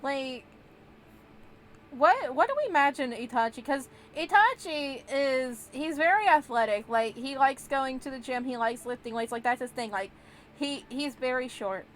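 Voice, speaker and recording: A woman's voice: high-pitched, lively intonation, moderate pace. A young woman streaming a game, chatting casually in a bubbly, giggly way. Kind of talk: casual gameplay chat.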